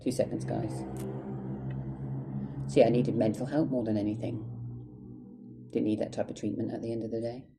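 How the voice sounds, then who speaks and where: A man's voice: fairly low pitch, flat delivery, normal speed, gravelly, long pauses, music in the background, poor audio. A man telling a story to the camera in an angry, emotional way, swearing a lot and close to tears. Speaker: vlogger. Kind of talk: storytime vlog monologue.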